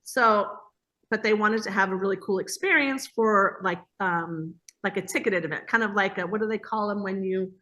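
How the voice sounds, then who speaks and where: A woman's voice: medium pitch, moderate pace. A woman guest telling stories in a casual interview over a video call, acting out the voices she quotes. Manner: lively storyteller who acts out quoted voices. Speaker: guest, hospitality business owner.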